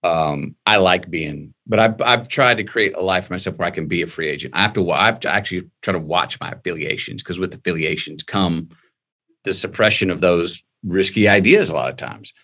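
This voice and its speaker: A man speaking as a guest in an interview, animated and emphatic, acting out the voices of people he quotes. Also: deep voice, fairly quick. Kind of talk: conversational interview.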